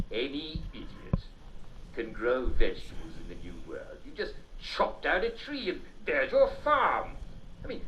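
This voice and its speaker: A man's voice: medium pitch, bright, forceful tone, a little hiss or hum. A man voicing a rambling, jolly mad old English king with a posh English accent and a giggly way of talking. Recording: roomy, distant, dull game audio.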